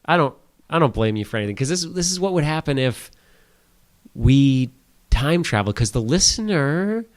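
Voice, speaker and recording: Man, mid-pitched voice, crude jokes, teasing podcast co-host. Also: expressive, moderate pace. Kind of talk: casual comedic chat. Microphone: on the phone.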